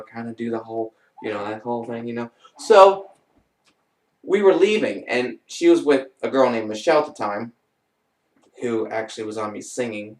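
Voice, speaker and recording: A young man telling rambling personal stories in a casual, animated way. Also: distant mic. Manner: rambling, animated, mimics others in high voices. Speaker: vlogger. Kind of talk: casual storytelling. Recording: roomy echo, off-mic.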